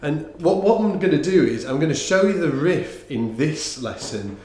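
A man giving a casual online bass lesson, talking in a relaxed, rambling way with lots of fillers and restarts. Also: moderate pace, roomy sound. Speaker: bass teacher. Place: room with instruments, bass played along.

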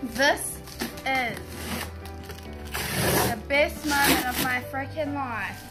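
A woman beauty vlogger talking casually through an unboxing, gushing, excitable and often giggling. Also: high-pitched, slow pace, pauses often. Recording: music playing under the voice.

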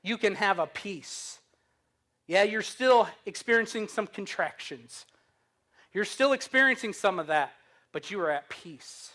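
A man's voice: high voice, unhurried, pushed and bright. A young man preaching a sermon, earnest and humorous, telling stories. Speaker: pastor.

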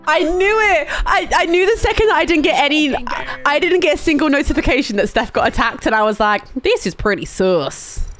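A woman's voice: sits high, fast talker, few pauses, fairly bright tone. Playful woman streaming a game. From England. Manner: playful, laughing, sings along to music. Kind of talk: casual gaming chat.

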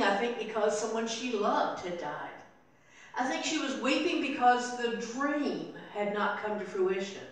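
An older woman preaching a sermon as pastor, telling the story and voicing its people softly. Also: fairly high pitch. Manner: storytelling, acting out voices softly in quotes. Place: church sanctuary. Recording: very echoey room, voice from far off.

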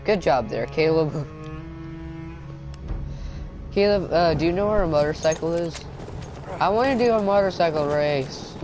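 A man's voice: a little high, lively intonation, a little slow, long pauses, music in the background. A young man giving casual, joking gameplay commentary as a gaming YouTuber, rambling and mocking himself. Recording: loud game sounds behind voice.

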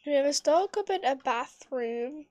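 A woman's voice: sits high, lively intonation, a little slow, darkish tone, no room sound. A woman streamer giving casual gameplay commentary, thinking aloud in a mutter that sometimes drops to a whisper.

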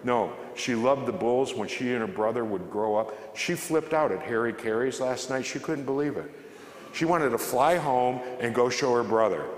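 A man speaks to a church congregation as a guest speaker, mixing jokes with stories told in a chatty, relaxed way. At times he sinks into a hushed, gentle delivery. His voice carries through a roomy hall with a long, ringing reverb. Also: medium pitch, moderate pace. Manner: conversational, joking storyteller who drops to a soft, quiet delivery. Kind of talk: inspirational faith talk. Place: large church.

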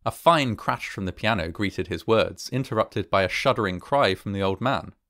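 A man narrating a classic horror story in a measured, even way. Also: lowish voice, dry recording, studio quality.

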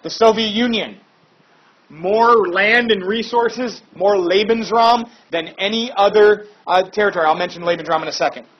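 Man, history teacher, casual lecture, high voice, breathy tone. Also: moderate pace. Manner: chatty, informal asides and fillers. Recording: dull lo-fi recording.

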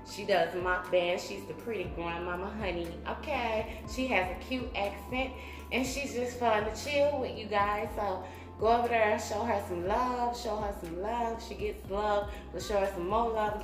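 A woman, chatting casually to her viewers as a mukbang vlogger and giving shout-outs. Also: mid-range voice, normal speed, reverberant, music in the background, low-quality recording. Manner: chatty, warm shout-outs, bursts of humming.

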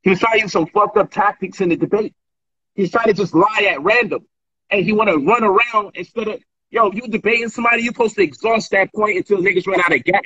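Bright-voiced boastful man, husky, lo-fi call. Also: high voice, fast. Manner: boastful, animated, profane. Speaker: debater discussing a past debate. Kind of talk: heated casual chat on a call. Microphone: remote call mic.

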